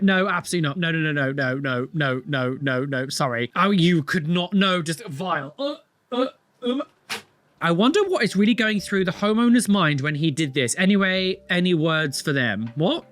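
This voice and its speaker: A man's voice: on the high side, fairly bright tone. A man in his thirties hosting a reaction video, exasperated, restarting sentences and repeating himself for emphasis. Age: 30s. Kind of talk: casual reaction commentary.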